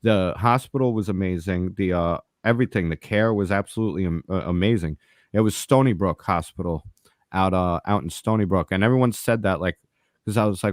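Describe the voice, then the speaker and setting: In laid-back podcast chat, a man with a low-sitting voice rattles off a story at speed, profane and animated as he voices the other people's lines. The recording is dry and of studio quality.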